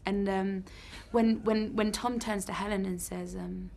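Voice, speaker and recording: Actress chatting about her show, gravelly voice, bit of hiss behind. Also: medium pitch, fairly even intonation, unhurried, darkish tone. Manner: chatty storyteller, acts out lines. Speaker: stage actress. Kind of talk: casual interview chat.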